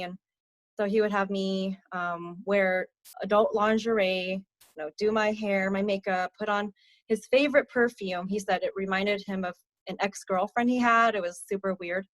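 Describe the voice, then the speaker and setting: A young woman speaking softly as a podcast guest, recounting her own past with many fillers. Her voice sits at a medium pitch and sinks quietly on the heaviest moments. The sound is dry and close. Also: fairly even intonation, normal speed, no echo. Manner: soft-spoken, frequent fillers, drops low on hard parts. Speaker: podcast guest, abuse survivor mentor. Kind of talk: candid personal testimony.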